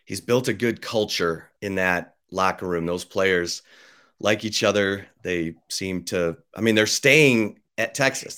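Man, podcast host, smooth clear voice, slightly low, conversational, folksy asides. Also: fairly bright tone. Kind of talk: casual interview talk.

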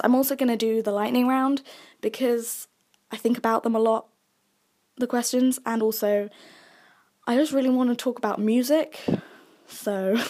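A young woman hosting a solo podcast, chatty and self-mocking, dropping into soft asides. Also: on the high side. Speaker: podcast host.

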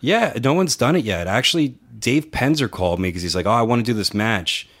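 A man's voice: mid-range voice, lively intonation, fairly quick, a bit bright. A man co-hosting a casual podcast, telling stories and acting out what others said, with frequent swearing. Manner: storytelling, acts out others' quotes, swears freely. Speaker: podcast co-host and wrestling promoter.

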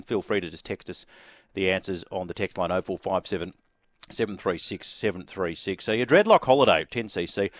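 A man's voice: fairly low pitch, no echo, studio quality. Chatty Australian man hosting a radio quiz. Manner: chatty, jovial. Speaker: radio host.

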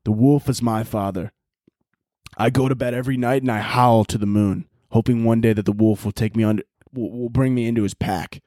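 A young man hosting a podcast, talking in a loose, rambling comedic monologue, swearing and breaking into shouted mock-dramatic lines. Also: medium pitch, fairly even intonation, fairly quick, no echo, clean studio sound. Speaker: podcast host.

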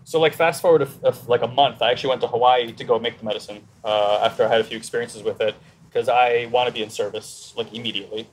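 A man telling a personal story at a brisk, rushing clip, animated and acting out his inner dialogue. His voice sits at an ordinary middle pitch, with a faint hiss underneath. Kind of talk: casual conversation, personal storytelling.

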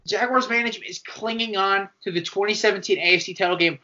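A man co-hosting a casual sports podcast, animated and argumentative, acting out quoted voices as he makes his point. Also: sits high, quick pace, few pauses. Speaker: podcast co-host. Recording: dull lo-fi podcast audio.

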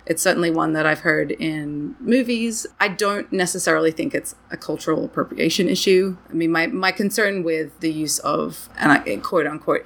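Chatty woman with a low, animated voice. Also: creaky. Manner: animated, chatty, many "like" fillers. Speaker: podcast co-host. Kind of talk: casual chat.

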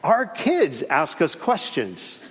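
Animated high-voiced pastor preaching. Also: male voice, slow, husky, in a large hall. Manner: animated, repeats key phrases, acts out little stories. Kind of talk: sermon.

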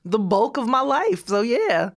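A woman from Georgia with a Southern American accent chats casually as a guest. Her voice sits fairly high and moves around a lot, with a relaxed, chatty manner. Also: measured pace. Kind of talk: casual chat.

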